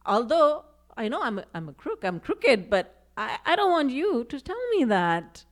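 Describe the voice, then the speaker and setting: A spiritual teacher, a woman with a high and very animated voice, gives a devotional discourse at a normal speed. She recites Sanskrit and Hindi verses and acts out quoted speech expressively.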